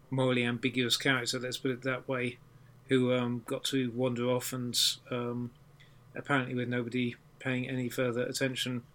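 A man on a discussion panel, giving his views in a measured, self-qualifying way. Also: medium pitch, sharp tone. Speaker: podcast panelist. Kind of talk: casual chat.

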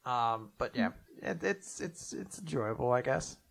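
A man co-hosting a casual manga discussion, retelling chapters loosely with profanity and quick character voices. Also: medium pitch, animated, creaky, fairly bright tone. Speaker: podcast co-host. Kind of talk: casual manga recap chat.

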